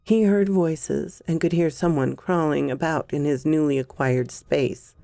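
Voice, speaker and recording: A woman storyteller giving a measured, unhurried scripted narration of a horror story. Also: deep voice, gravelly, dark tone, no room sound, soft background music.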